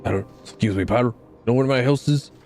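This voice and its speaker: A man's voice: medium pitch, fast talker, darkish tone, soft background music, lightly acted. A man voicing a confused, apologetic beggar who cannot find his way home. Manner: apologetic, hesitant.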